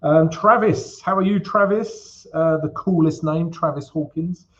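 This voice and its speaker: On a casual forex trading live stream, a man chats loosely with his viewers as he walks through a chart, often calling them "guys" and using plenty of fillers. His voice is on the high side and his pace is measured. The sound is lo-fi.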